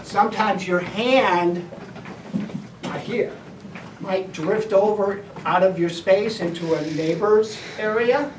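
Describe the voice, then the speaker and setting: A woman's voice: medium pitch, slow. Woman teacher giving step-by-step classroom instructions. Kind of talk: classroom behavior lesson. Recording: echoey room, distant mic, background noise.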